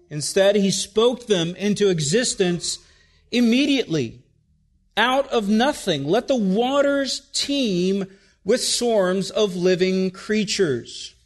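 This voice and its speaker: A man preaching an expository sermon, explaining words in a teacherly way with dry asides and frequent checks of "okay?". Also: sits high. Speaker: pastor.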